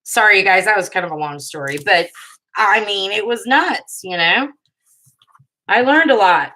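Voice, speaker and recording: A woman's voice: medium pitch, lively intonation, moderate pace, sharp tone, rough recording. A woman in her thirties hosting a live paper craft video, chatting and telling rambling stories while she works and laughing often. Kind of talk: casual chat during a live crafting stream.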